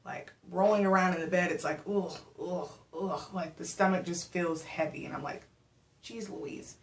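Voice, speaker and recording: A young adult woman vlogging casually, telling a story to the camera in a chatty, animated way with lots of fillers. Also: lowish voice, a little fast. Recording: echoey room.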